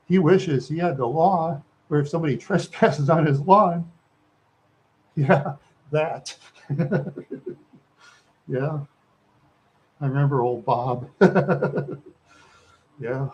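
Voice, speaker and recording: A man's voice: a little high, drawn-out words, pauses often, darkish tone, poor audio. A man from Minnesota hosting a live stream, rambling through stories, repeating words and chuckling often.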